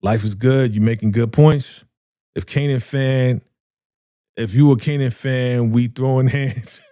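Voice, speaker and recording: A man with runs a live reaction stream. He talks in a mellow, warm voice and swings from loud hype to low mutters while he reads out viewer comments. The sound is close and dry. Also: a little slow, clear, resonant tone, no echo. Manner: animated, slangy, reads viewer comments aloud. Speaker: reaction show host.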